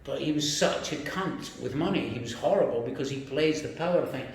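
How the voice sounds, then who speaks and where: A man's voice: medium pitch, brisk, gravelly. A middle-aged man telling profane stories in casual talk, acting out other people's lines with sudden swings in his voice. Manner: animated, acts out others' lines with big swings in voice. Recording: very roomy echo, faint background noise.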